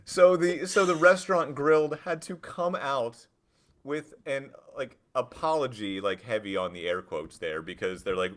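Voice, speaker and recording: A man co-hosting a casual podcast, chatting and reading things out loud with mock drama. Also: medium pitch, normal speed. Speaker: podcast co-host. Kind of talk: casual chat.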